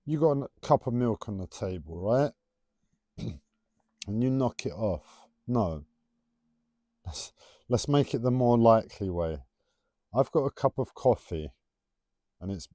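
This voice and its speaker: Man, livestream host, rambling tangents, stumbling over T's, low mellow voice, dry close sound. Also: lively intonation, measured pace, long pauses, no room sound. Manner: wanders off on tangents, self-described waffling. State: struggling to pronounce his T's. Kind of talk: rambling solo livestream talk.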